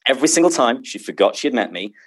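A man, speaking as a podcast guest in casual interview chat, articulate and quick to laugh. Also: medium pitch, very animated, fairly bright tone, poor audio.

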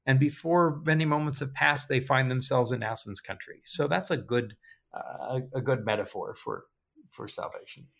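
A man hosting a casual book discussion, summarizing chapters and reading quotes with lively emphasis. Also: mid-range voice, moderate pace, gravelly. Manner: relaxed, chuckling, reads quotes with animated emphasis.

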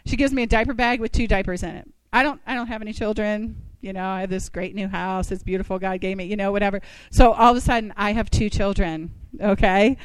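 A woman speaking to a church group, telling her own story with lots of asides and questions thrown at the audience. Her voice is smooth and clear, and the sound is dry and close. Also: mid-range voice, steady tone, quick pace, dry recording, rough recording. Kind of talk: personal testimony talk.

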